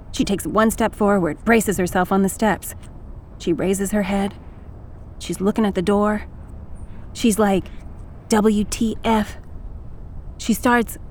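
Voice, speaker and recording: A woman's voice: mid-range voice, a little hiss or hum. Sardonic, profane woman narrating. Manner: sardonic, profane, fast-talking. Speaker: audiobook narrator. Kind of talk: first-person audiobook narration.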